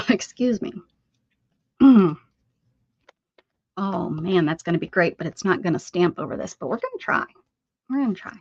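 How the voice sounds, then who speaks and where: A woman with a lowish, darkish voice hosts an art livestream, chatting casually and muttering to herself as she crafts. The audio is dull and lo-fi, with faint noise.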